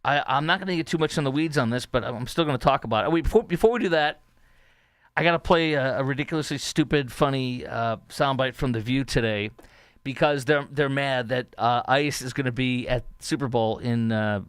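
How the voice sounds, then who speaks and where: A man hosting a political talk show, giving opinionated commentary in a sarcastic, mocking way, halting often with fillers. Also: mid-range voice, smooth, dry recording, clean studio sound.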